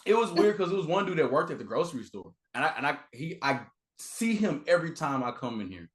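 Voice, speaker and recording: A man's voice: a little high, fast talker. A young adult man, a guest on a podcast, chatting casually and acting out the people in his stories. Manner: animated storyteller, acts out quotes. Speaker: guest content creator. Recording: roomy echo.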